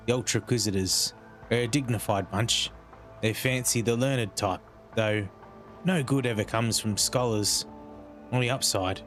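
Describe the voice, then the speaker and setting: A man's voice: lowish voice, fairly bright tone. A man voicing a sniveling, humble old peasant scout in a rustic put-on accent, reading game dialogue aloud. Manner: rustic dropped-letter accent voice, fawning.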